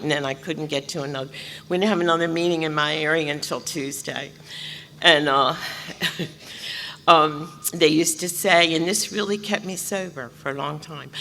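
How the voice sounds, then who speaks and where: Lively woman telling her story. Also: deep voice. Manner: animated, acts out voices and laughs often. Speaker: speaker sharing her recovery story. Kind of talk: personal storytelling at a recovery convention. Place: large convention hall. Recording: reverberant hall, faint room noise.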